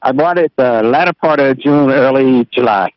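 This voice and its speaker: A man's voice: mid-range voice, moderate pace, no room sound. A man calling in to a radio show, hesitant and giving terse answers. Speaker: caller. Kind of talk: phone-in call. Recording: dull lo-fi radio stream.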